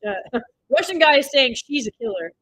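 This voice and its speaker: A woman streaming a watch party, blurting excited reactions, swearing, and recapping the plot in loose, rambling sentences. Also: high voice, moderate pace, no room sound, poor audio. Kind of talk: live watch-party commentary.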